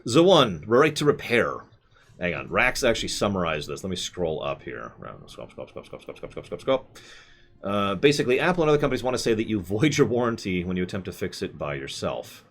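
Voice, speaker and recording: A man's voice: fairly low pitch, very animated, brisk. A man streaming live, answering chat with rambling, self-correcting opinions.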